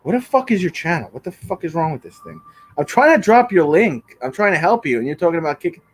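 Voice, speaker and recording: A man's voice: fairly high pitch, big pitch swings, quick pace, husky. A man livestreaming from his bedroom, casually arguing with viewers in chat and swearing often. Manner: profane, bickering with chat. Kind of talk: casual live stream chat reading comments.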